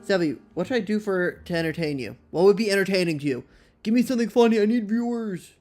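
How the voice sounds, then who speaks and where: A man hosting a casual livestream from home, chatting playfully and rambling, and cooing at his dog in a high voice. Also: lively intonation, fast talker, darkish tone, soft background music. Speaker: livestream host.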